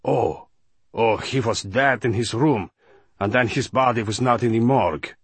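An audiobook narrator voicing a patient, guarded male translator with a measured, level delivery. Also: medium pitch, husky, no room sound. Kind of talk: audiobook character voice.

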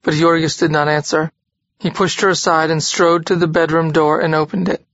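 An audiobook narrator reading a literary novel in a steady, even manner. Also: medium pitch, fairly quick, dry recording, highs cut off.

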